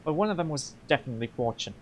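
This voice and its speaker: A man's voice: fairly high pitch, expressive, racing, a little hiss or hum, natural voice, low-quality recording. A man reading as a blunt little orc woman. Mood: offhand. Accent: Polish. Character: small female orc companion, blunt and casual.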